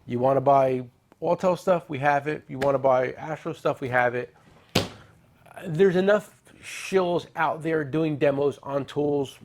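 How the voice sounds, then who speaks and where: A middle-aged man with a gravelly, slightly raised voice hosts a casual tool-sales show. He rambles, cracks jokes and slips in sales pitches. A faint hiss of noise sits under the recording. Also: a little slow. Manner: joking, rambling, salesy with asides. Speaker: tool dealer and show host. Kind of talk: casual product talk and storytelling.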